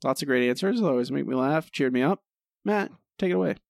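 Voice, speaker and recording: A man's voice: medium pitch, expressive, a little fast, vocal fry, no echo, clean studio sound. A man co-hosting a podcast, critiquing an episode in a casual, exasperated way. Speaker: podcast co-host.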